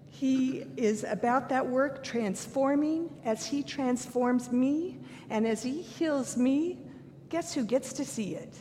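An older woman preaches slowly in a warm voice, earnest and candid, blending scripture with self-deprecating stories from her own life. The recording has a long hall reverb and a faint rumble.

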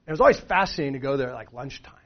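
A man's voice: mid-range voice, animated, very fast. Conversational middle-aged preacher man, lo-fi. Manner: conversational, with restarts and rhetorical questions. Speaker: pastor. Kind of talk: sermon. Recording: dull lo-fi sound.

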